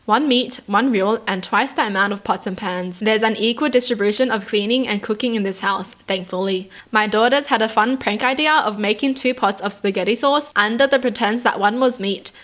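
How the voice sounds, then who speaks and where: A woman's voice: mid-range voice, moderate pace, hardly any pauses, a bit bright. A woman from Australia reading online stories aloud and reacting to them in a chatty, casual way, full of "like" and "dude". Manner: chatty, lots of "like" and "dude", giggly asides.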